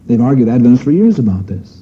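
A man's voice: mid-range voice, big pitch swings, quick pace, breathy edge. A man preaching a sermon in an earnest manner, asking his listeners questions and pressing on key phrases. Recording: dull lo-fi sermon recording.

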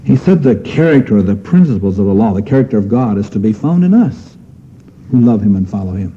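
Husky man preaching on a dull old recording. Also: fairly low pitch, very animated, brisk. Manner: earnest, questioning the audience, rising emphasis on key phrases. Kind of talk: sermon.

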